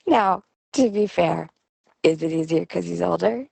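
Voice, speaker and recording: A middle-aged woman hosting a podcast, telling a personal story in a lively way and acting out the voices of people she quotes. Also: lowish voice, moderate pace, gravelly, no echo. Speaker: podcast host. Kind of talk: storytelling monologue.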